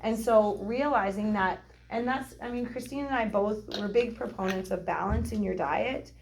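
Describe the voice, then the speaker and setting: A woman's voice: medium pitch, normal speed, creaky. Chatty woman telling a story. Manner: chatty, animated, acts out quoted voices, laughs often. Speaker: co-host of a nutrition workshop. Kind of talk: casual storytelling talk.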